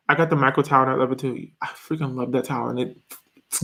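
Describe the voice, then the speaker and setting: A man's voice: mid-range voice, fast, vocal fry, a bit bright. A man hosting a casual live stream, answering viewers' questions in a jokey, rambling way and laughing often. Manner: chatty and rambling. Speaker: video host.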